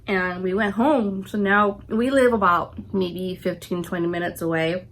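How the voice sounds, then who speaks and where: A woman's voice: mid-range voice, steady tone, unhurried, a bit bright. A woman in her forties, sick and congested, telling a long casual story to camera with lots of "I'm like" and acted-out quotes. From California, USA. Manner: chatty, retells scenes with "I'm like" and quoted reactions. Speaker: vlogger.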